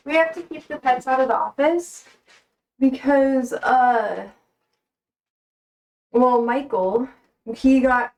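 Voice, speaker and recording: Chatty woman streamer, fairly high voice. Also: takes it slowly, pauses often, low-quality recording. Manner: rambling, talks baby-voice to her pets. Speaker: livestreamer. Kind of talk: casual chat while cooking.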